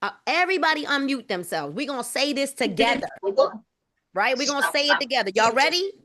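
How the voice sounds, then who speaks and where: A woman's voice: sits high, lively intonation, brisk, over a noisy crowd. A woman leading a motivational group video call, emphatic and preachy, repeating her phrases and calling the group y'all.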